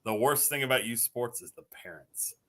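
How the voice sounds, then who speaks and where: A man hosting a casual live stream, chatting with co-hosts and telling lively stories with plenty of laughter. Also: mid-range voice, moderate pace. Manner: animated storyteller, laughs often.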